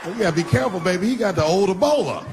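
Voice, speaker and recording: Brash middle-aged male stand-up, lively pitch. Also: rapid-fire. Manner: brash, crude punchlines with mocking asides. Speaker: stand-up comedian. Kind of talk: stand-up comedy set. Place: live comedy stage before an audience. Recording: live stage recording with audience noise.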